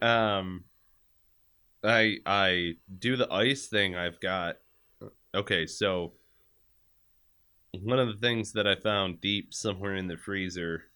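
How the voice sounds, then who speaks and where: A man with a low, bright and forceful voice, talking in casual chat. He swears freely and laughs often while he is sore from a bad back. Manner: profane, laughing storyteller. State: in pain from a hurt back. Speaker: podcast co-host.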